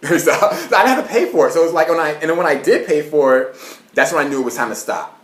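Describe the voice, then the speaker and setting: A young man tells a story in a casual monologue, animated and swearing, with quick rants and laughter. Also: a little high. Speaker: vlogger. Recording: roomy echo.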